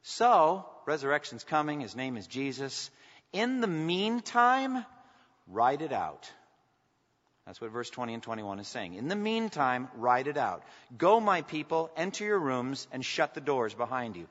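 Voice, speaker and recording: Unhurried yet very animated, a pastor with a mid-range, fairly bright voice preaches with passion, rising to emphatic peaks as he reads scripture. Long hall reverb and a dull tone mark the recording.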